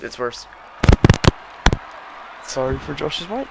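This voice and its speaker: A man doing live play-by-play commentary on a sim racing league, quick and chatty as he tracks the cars. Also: on the high side, very animated, creaky, heavy background noise.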